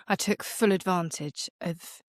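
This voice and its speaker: A middle-aged woman co-hosts a podcast as the mother, chatting casually, mocking herself and laughing often. Her voice is lowish and unhurried, captured in dry, clean studio sound.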